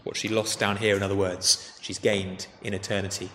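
A man preaching a sermon in a conversational, animated way, retelling a story with frequent restarts. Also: fairly low pitch, normal speed. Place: church. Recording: echoey church hall with faint noise.

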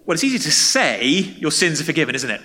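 A man preaches a sermon, his tone bright and forceful and pitched a little high. He talks conversationally and puts questions to the listeners. A long reverb hangs after his words, as in a large church hall. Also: sing-song, fast. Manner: conversational, asks the congregation questions.

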